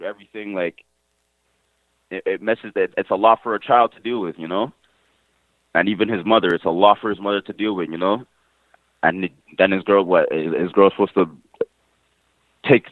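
A man's voice: low-pitched, no echo. A young man from Montreal telling his own story in a casual, emphatic way, full of slang, repeated phrases and swearing. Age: young adult. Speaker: interviewee, nephew of the deceased. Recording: tinny phone-line sound, dry.

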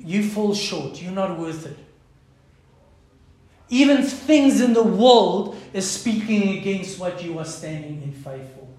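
A South African pastor preaches with a high-pitched voice, his passionate delivery dropping now and then into near whispers. The sermon rings out through a strongly echoing church hall. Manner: impassioned preaching, swinging from loud to hushed.

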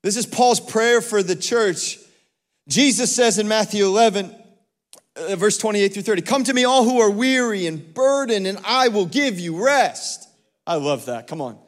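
A man's voice: high-pitched, animated, moderate pace. A male pastor preaching a sermon and calling on the congregation for responses, with emphatic repeats. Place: church sanctuary. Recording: long church hall reverb.

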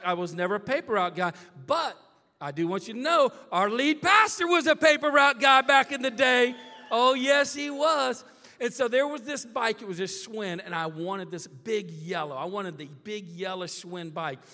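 High, bright-voiced preacher man in a hall. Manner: animated, dramatic, keeps checking in with "all right?" and "okay?". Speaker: pastor. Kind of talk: storytelling sermon. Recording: long reverb of a big hall.

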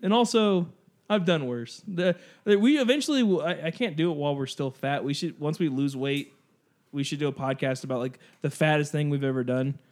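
A man's voice: on the high side, fairly quick, darkish tone. A young man hosting a podcast, telling self-mocking stories in casual chat and laughing often. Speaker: podcast host.

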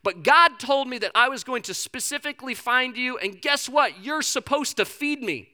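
A man voicing a whiny, excitable prophet in a raised, pleading voice, acted out within a sermon. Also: very high-pitched, moderate pace, voice pushed up, heavily acted. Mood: excited.

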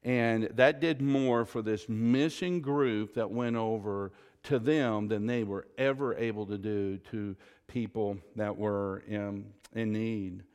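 Slow-speaking pastor in a reverberant hall. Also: male voice, fairly low pitch, fairly even intonation, a little mellow, smooth. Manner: storytelling, emphatic, drawn-out stresses; Southern "y'all". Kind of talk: sermon.

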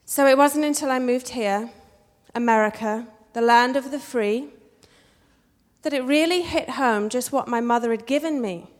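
A woman's voice: fairly high pitch, moderate pace. A woman from England with a working-class English accent, telling a wry, self-mocking story live on a theater stage, with hall reverb. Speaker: storyteller, actress.

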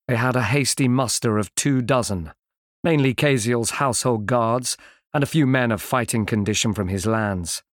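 A man narrating a fantasy audiobook in a measured, clearly enunciated way, recorded on a close studio mic. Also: mid-range voice, dry recording.

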